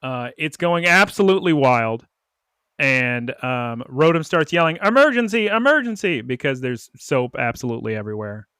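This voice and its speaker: A man co-hosting a casual podcast, animatedly retelling a cartoon episode with quick quoted voices and laughs. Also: mid-range voice, sharp tone, clean tone, no room sound, clean studio sound. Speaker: podcast co-host.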